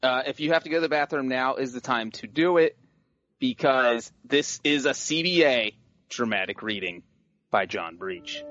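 Man reading slowly over music. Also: medium pitch, dull audio. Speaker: podcast co-host. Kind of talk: casual chat and mock dramatic reading.

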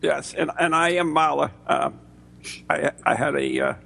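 High gravelly-voiced joking man. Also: steady tone, moderate pace, sharp tone. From United States. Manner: jokey, repeats himself. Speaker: podcast co-host. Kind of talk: casual banter.

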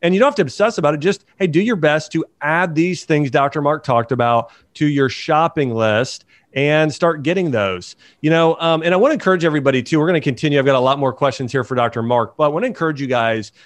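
A man's voice: a little high, fast talker, few pauses, no echo. A man hosting a podcast, enthusiastically encouraging his listeners. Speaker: podcast host. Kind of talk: podcast interview.

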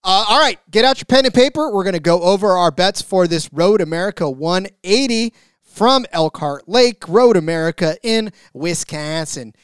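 A man co-hosting a sports betting podcast, excitable as he reads out bet lists, stammering at times. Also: high-pitched, normal speed, clear, resonant tone, no room sound, clean studio sound. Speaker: podcast co-host. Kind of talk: casual sports betting chat.

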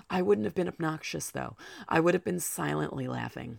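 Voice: mid-range voice, expressive, brisk, gravelly, no room sound, clean studio sound. A podcast host talking through a solo sports show, out of breath and chatty, with personal asides.

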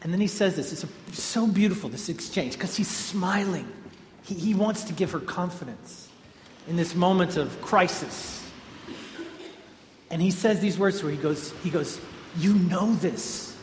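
A man's voice: sits high, moderate pace, slight background noise. A man giving an informal devotional talk to a group, a rambling storyteller who often restarts and corrects himself. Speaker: speaker addressing a group. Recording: echoey hall with faint ambience.

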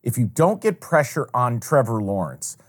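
A man's voice: medium pitch, sing-song, normal speed. A man co-hosting a sports betting podcast, talking casually and profanely, often acting out other people's lines with animation.

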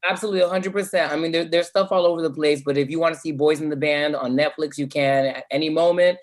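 A man's voice: a little high, fairly even intonation, fast. A man who is a guest on a podcast, chatting casually in a playful, camp way.

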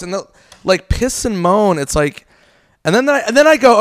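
A man's voice: sits high, sing-song, normal speed, dry recording. A man telling stories in a casual podcast chat, swearing freely and rambling. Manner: profane, rambling storyteller.

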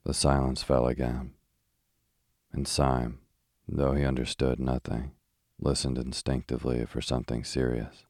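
A man narrating a classic novel as a slow, steady, rhythmic sleep story. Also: extremely low pitch, no room sound, studio quality.

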